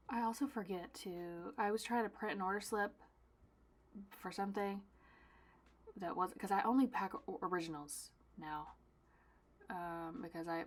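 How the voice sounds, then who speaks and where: Young woman rambling while packing orders, complains dramatically, jokes at herself, gets loud then quiet. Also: lowish voice. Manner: self-mocking, chatty, dramatic complaining with sudden loud bursts and soft asides. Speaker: artist packing her own orders. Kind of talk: casual vlog chat.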